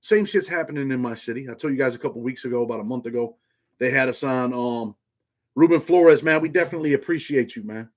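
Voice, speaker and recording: A man's voice: mid-range voice, fast talker. A middle-aged man hosting a casual livestream, talking loosely, saying "man" constantly and reading viewer comments aloud. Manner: loose, repeats "man" often, reads chat aloud. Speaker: livestream host.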